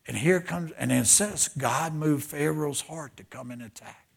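An older pastor from southeastern Louisiana preaches through personal stories, his voice raspy and full of gravel. He talks in a somewhat high register and drops into hushed, breathy whispers whenever he wants a point to land. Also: normal speed, few pauses. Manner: animated storyteller who drops to hushed whispers for emphasis. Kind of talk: storytelling sermon.

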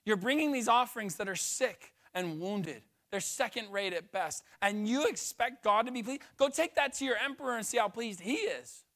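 A preacher voicing an angry prophet who rebukes priests in a raised, scolding voice. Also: male voice, sits high, animated, moderate pace, hardly any pauses, pushed and bright, heavily acted. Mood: indignant. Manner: indignant, scolding.

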